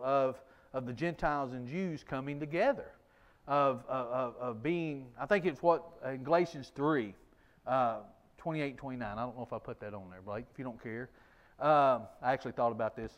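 A man teaching a conversational Bible lesson, folksy and self-deprecating, often restarting his sentences. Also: mid-range voice.

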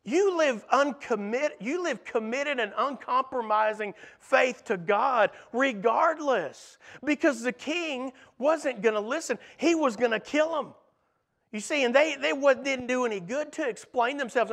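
A man preaching a sermon in a high voice for a man. He talks earnestly and often asks his listeners rhetorical questions. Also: expressive, a little slow, creaky, a bit bright.

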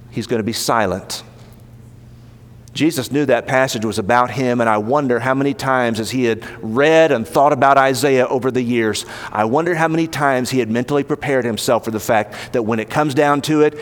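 A man preaching a sermon as pastor, emphatic and rising in pitch to stress his points. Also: a little fast. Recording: long hall reverb.

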